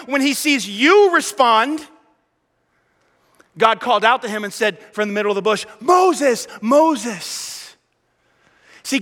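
High bright-voiced preaching man. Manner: animated, acts out quoted prayers and voices. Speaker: pastor. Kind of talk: energetic sermon. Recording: long hall reverb.

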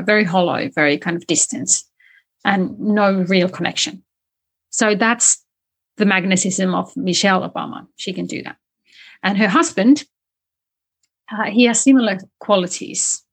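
A woman guest in an interview, explaining communication skills in a lively conversational way and demonstrating tones of voice as she talks. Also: mid-range voice, gravelly. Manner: animated, explains with spoken demonstrations.

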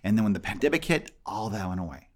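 A man's voice: on the low side, quick pace. A middle-aged man, a comedy magician, telling a story in a casual interview and acting out the people he quotes. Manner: animated, acts out the people he quotes.

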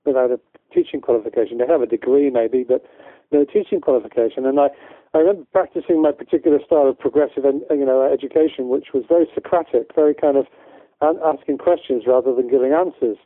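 A man's voice: medium pitch, fast, no room sound. A man from the UK, a guest educator in a casual interview, talking in a rambling way with many restarts. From United Kingdom. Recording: tinny phone-line audio, dry.

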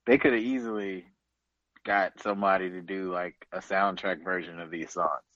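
Low-voiced man, dry dull sound. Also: steady tone, normal speed, fairly bright tone, no room sound. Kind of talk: casual chat.

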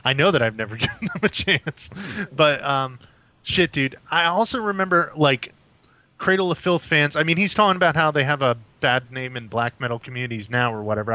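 A man's voice: medium pitch, a little fast, pushed and bright, rough recording. A man co-hosting a podcast, talking bluntly and casually with some swearing. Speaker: podcast co-host. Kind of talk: casual chat.

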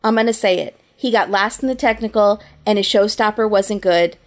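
A woman's voice: mid-range voice, a little fast. A woman co-hosting a casual podcast, talking in a playful, conversational way. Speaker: podcast co-host. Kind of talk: casual chat.

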